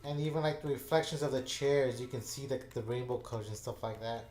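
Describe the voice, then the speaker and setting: A man's voice: medium pitch, brisk, darkish tone. A man tells a story in a loose, rambling way, stopping and restarting often. His voice sits in the middle range. The room around him rings with echo. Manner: rambling, with many fillers and restarts. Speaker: gaming channel host. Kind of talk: casual storytelling chat. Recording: echoey room.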